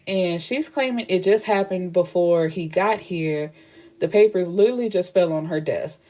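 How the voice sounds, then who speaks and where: Blunt, chatty woman with a mellow voice. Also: fairly low pitch, moderate pace. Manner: blunt, profane, chatty storytelling with quoted dialogue. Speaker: book reviewer. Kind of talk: casual plot retelling.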